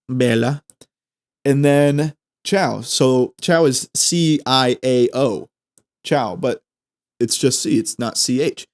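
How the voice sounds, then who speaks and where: Young man, podcast host, mid-pitched voice, casual solo chat, jokey, rambling, stumbles over words.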